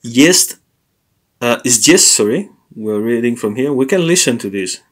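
A man teaching a language lesson, explaining grammar in a hesitant way with many pauses, fillers and self-corrections. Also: mid-range voice, expressive.

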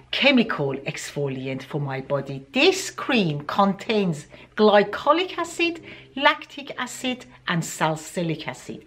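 A woman with an accent, chatting unhurriedly through a beauty product review with plenty of ums. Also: fairly low pitch. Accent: non-native English accent. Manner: chatty and deliberate, many ums. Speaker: beauty vlogger.

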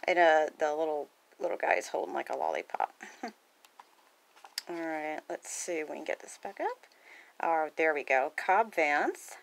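A woman's voice: sits low, a little slow, vocal fry. A woman casually reading a picture book aloud, chatting, laughing and gasping between pages. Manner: chatty, often laughs and gasps, lively character lines. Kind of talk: casual read-aloud with commentary.

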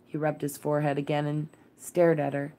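Woman storyteller, deep voice, calm measured bedtime narration. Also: a little hiss or hum. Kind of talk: bedtime read-aloud of a classic novel.

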